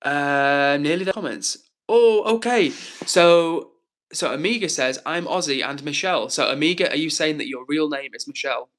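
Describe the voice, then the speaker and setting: Bright upbeat man. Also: a little high, normal speed. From England. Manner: upbeat and encouraging, addresses viewers by name. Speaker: livestream host. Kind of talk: casual livestream chat, reading out comments.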